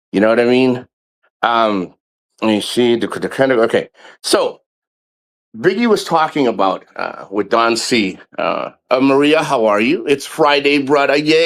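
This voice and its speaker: A man's voice: mid-range voice, a bit bright. A man hosting a casual livestream, swearing freely, laughing often and rambling with restarts. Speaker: livestream host.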